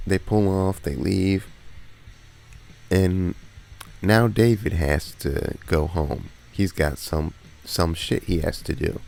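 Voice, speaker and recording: A man's voice: low voice, vocal fry, a little mellow. A man vlogging a casual story in a slangy, laid-back way, laughing now and then as he talks.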